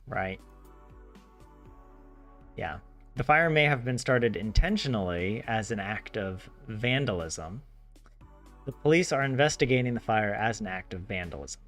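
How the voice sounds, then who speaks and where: A man with a Southern American accent, chatting casually and rambling with lots of fillers as he studies a language on his vlog. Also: mid-range voice. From southern United States. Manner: rambling, many "like" fillers, animated asides. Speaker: language learner host. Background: soft game music.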